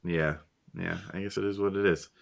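A man's voice: low-pitched, fairly even intonation, fairly quick, creaky. A young man co-hosting a sports podcast, laid-back and joking in casual banter. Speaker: podcast co-host. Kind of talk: casual chat.

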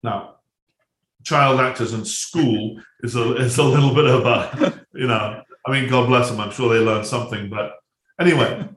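A man's voice: medium pitch, normal speed, fairly bright tone. Rambling male director, roomy sound. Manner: rambling, many restarts and asides, laughs at own jokes. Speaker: film director guest. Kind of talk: casual anecdote-telling.

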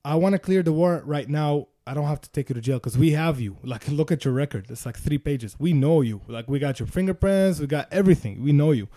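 A man voicing a calm, businesslike male police officer in a retold story, speaking in a steady, matter-of-fact way. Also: fairly high pitch, quick pace, few pauses, dry recording, studio quality, voice pushed down, lightly acted.

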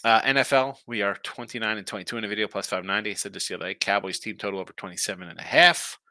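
A man's voice: lowish voice, racing, sharp tone, dry recording. A man hosting a casual sports betting picks show, talking in a rambling, trailing-off way while sleepy and yawning.

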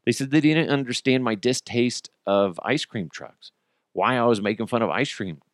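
At a normal pace and in echo-free studio sound, a man runs his own casual podcast and vents about movie theaters. His delivery is lively and profane, full of laughter at his own anecdotes and high-voiced impressions of bystanders.

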